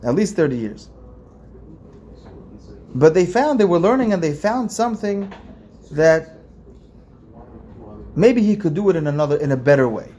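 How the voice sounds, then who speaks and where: Conversational rabbi, slightly high voice. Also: male voice, sing-song, normal speed, long pauses, warm tone, slight background noise. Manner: conversational, repeats phrases and restarts, asks the listeners questions. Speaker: rabbi teaching a class. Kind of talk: informal religious lesson.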